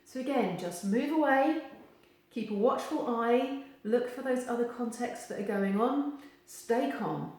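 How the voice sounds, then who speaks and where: Woman giving advice to camera, animated, acts out voices, room's really echoey. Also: a little high, a little slow. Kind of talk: direct-to-camera advice video. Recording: very echoey room.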